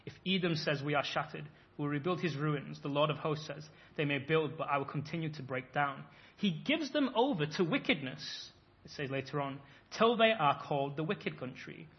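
Guy preaching a sermon, kinda high voice, punchy delivery, muffled lo-fi recording. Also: expressive, moderate pace, creaky. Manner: emphatic, acts out imagined voices. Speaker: pastor. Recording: dull lo-fi sound.

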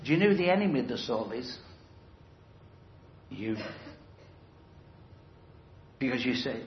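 A man's voice: medium pitch, lively intonation, measured pace, long pauses, a little hiss or hum. Emphatic male preacher in roomy hall. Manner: emphatic, conversational, asks the audience questions. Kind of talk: evangelistic sermon. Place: church hall. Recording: roomy, slightly dull hall recording.

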